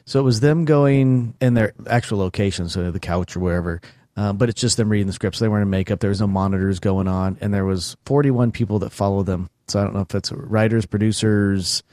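A man's voice: lowish voice, a little fast, hardly any pauses, darkish tone, no room sound. A man in casual podcast chat, telling long stories with many fillers and restarts.

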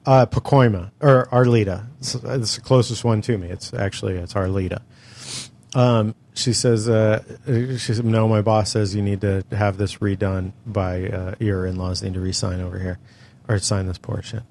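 A man's voice: fairly low pitch, fairly even intonation, normal speed, gravelly, darkish tone. Exasperated, swearing man telling a story. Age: middle-aged. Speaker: podcast co-host telling a story. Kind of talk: casual chat.

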